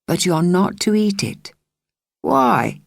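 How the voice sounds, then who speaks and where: Brief: an urgent, earnest evacuee girl, read by a woman, husky and animated. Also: fairly low pitch, slow pace, no room sound, studio quality, pitched above the performer's own voice, heavily acted. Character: serious young girl evacuee from London.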